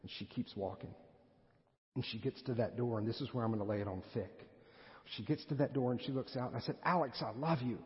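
A man's voice: mid-range voice, fast. A male pastor preaching a sermon, telling a story with mounting emotional intensity. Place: church sanctuary. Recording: echoey hall, dull lo-fi sound.

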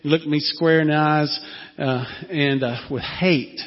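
A man's voice: fairly high pitch, steady tone, unhurried. A man in his sixties with a Southern accent, a former missionary telling a folksy, rambling story to a church congregation. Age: 60s. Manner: folksy, rambling with many fillers. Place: church sanctuary. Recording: dull, echoey hall sound.

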